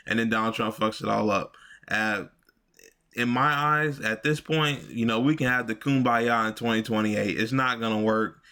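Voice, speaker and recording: Male commentary host, low voice, rambling, profane, filler-heavy, casual. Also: bright, forceful tone.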